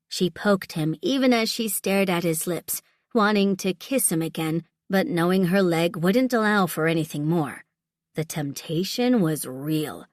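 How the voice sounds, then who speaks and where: A woman narrating a romance audiobook in a smooth, measured voice on a close studio microphone. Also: on the low side, no room sound. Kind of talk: scripted narration.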